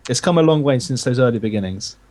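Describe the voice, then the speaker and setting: A man's voice: medium pitch, expressive, fast, darkish tone. A man, a podcaster guest, chatting casually in a teasing way, stammering and chuckling. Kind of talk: casual chat.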